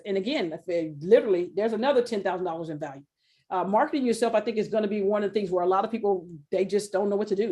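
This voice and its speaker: A woman's voice: mid-range voice, mellow. A middle-aged woman presenting a sales webinar in a chatty, informal way, acting out quoted voices and laughing often. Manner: informal, colloquial phrasing. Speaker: webinar presenter selling an NFT course. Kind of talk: casual sales webinar talk.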